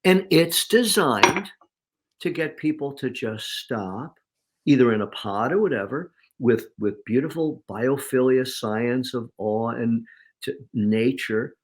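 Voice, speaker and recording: Animated man telling stories in quotes. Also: mid-range voice, slow. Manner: animated, acts out inner voices in quotes. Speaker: guest. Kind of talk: casual interview talk.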